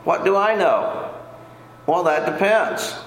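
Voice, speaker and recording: A man's voice: sits high, expressive, takes it slowly, fairly bright tone, a little hiss or hum. An older man teaching a casual Bible lesson in a folksy, rambling way, often repeating himself. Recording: echoey room.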